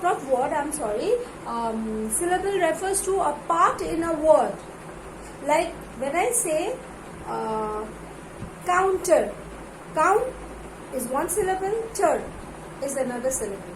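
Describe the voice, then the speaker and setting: A woman teaching an English grammar lesson to a class. She reads word lists aloud in louder, drawn-out calls and spells words out letter by letter. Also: extremely high pitch, echoey room. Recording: noisy room recording.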